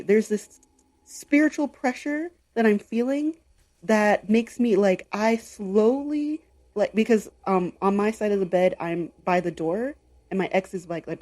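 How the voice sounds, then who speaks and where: A young adult woman co-hosting a podcast, telling a personal story in a casual, animated way. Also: medium pitch. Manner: animated, lots of fillers and quoted inner voice. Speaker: podcast co-host.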